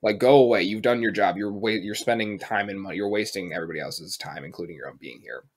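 A man's voice: lowish voice, fast. An American man in his twenties with a rambling, profane way of telling stories, full of fillers, co-hosting a casual podcast chat. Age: 20s. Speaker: podcast co-host.

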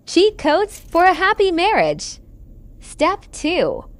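A woman with a very high, swooping voice announces each segment title slowly and brightly. The sound is dry and close, with no room around it. A sing-song announcing style. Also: wildly swooping pitch, no echo.

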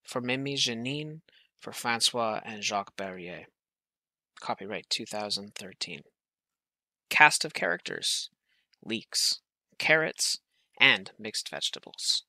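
A man reading a children's picture book aloud in a gentle storytelling manner. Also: on the low side, lively intonation, measured pace, dry recording. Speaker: reader.

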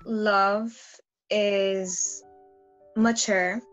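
A young adult woman answering questions as a guest in a casual interview, relaxed and giggly. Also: medium pitch, very slow, soft background music, low-quality recording.

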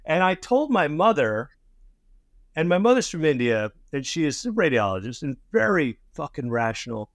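A man talking casually with a guest, halting and searching for words with many ums. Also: fairly high pitch, sing-song, no room sound, clean studio sound. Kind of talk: casual conversation.

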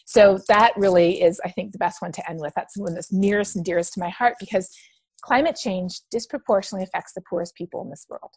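A middle-aged woman from Canada, a podcast guest telling stories in a lively conversational way. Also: medium pitch, fast talker, breathy edge, dry recording. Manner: animated storyteller acting out quoted dialogue.

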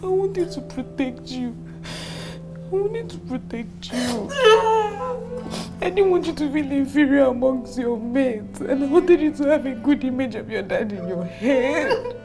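A woman's voice: high voice, lively intonation, moderate pace, vocal fry. An actress playing a remorseful mother who tearfully begs her daughter's forgiveness in a film drama. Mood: pleading. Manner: pleading, tearful apologies. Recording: film soundtrack music behind.

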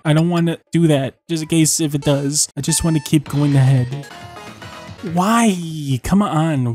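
A young man with a slightly high voice rants and swears through a rhythm game, repeating himself as he fails. Faint game music plays behind him through his desk mic. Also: warm tone. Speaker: gaming YouTuber. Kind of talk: profane frustrated gameplay commentary. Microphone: desk mic, sometimes moved away.

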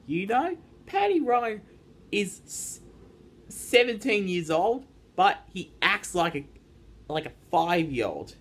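A man's voice: sits high, big pitch swings, slow, slightly rough. A teenage boy ranting casually to his viewers, rambling with frequent restarts and repeated words. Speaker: YouTube ranter. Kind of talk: casual rant vlog.

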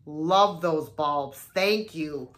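A woman's voice: deep voice, extremely slow. A middle-aged American woman chatting casually in a vlog, gushing and exclaiming over each thrift find. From United States. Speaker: thrift haul vlogger.

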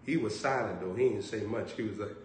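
A man preaching a sermon, telling jokes and stories in a drawling way. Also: fairly low pitch. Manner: storytelling, joking, drawling, slow. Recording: echoey room, distant mic, faint background hum.

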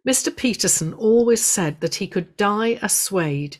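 A woman giving a prepared illustrated talk to a local history society, telling stories in a measured way with gentle humour. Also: medium pitch, expressive.

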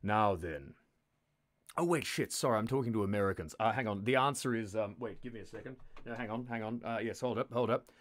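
A man's voice: fairly low pitch, fairly quick. A man hosting a live text adventure game, narrating in a sardonic, mock-menacing, sweary way.

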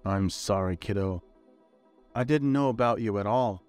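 A man's voice: medium pitch, lively intonation, a little fast, a little mellow, soft background music, close to an everyday voice. Male narrator as remorseful middle-aged father, earnest and pleading, storybook read. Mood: regretful. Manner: pleading, sincere. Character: gentle middle-aged man, regretful father.

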